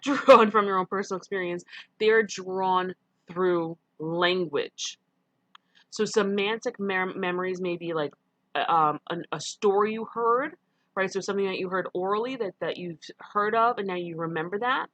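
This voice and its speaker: A middle-aged teacher from New York gives a recorded online lecture in a conversational style, frequently saying um and correcting herself. Her voice is medium-pitched and fairly bright, with no echo.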